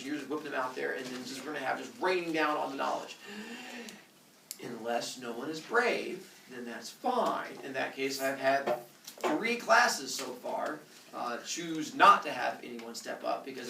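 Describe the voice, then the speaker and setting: A man's voice: mid-range voice, normal speed, creaky, bright, forceful tone, a little hiss or hum. A man teaching a middle school class, joking and teasing his students as he goes. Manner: playful, teasing. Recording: echoey classroom from far off.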